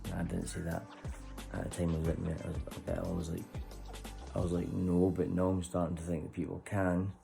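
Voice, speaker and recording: A man's voice: low voice, monotone, quick pace, gravelly, music in the background, poor audio. A man telling a rambling personal story in a loose, chuckling way, swearing freely. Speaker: vlogger.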